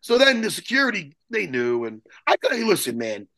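A man telling a story as a guest in an interview, excitable and profane, rambling and restarting his sentences. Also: sits high, fairly quick, creaky, dry recording. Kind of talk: animated storytelling in a podcast interview.

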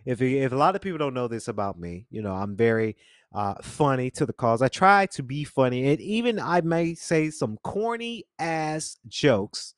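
Young male podcast host, lively rambling storyteller, mid pitch, dry studio sound. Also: no room sound. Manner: animated, jokey, rambling with slang. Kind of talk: casual storytelling monologue. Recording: dry close studio mic.

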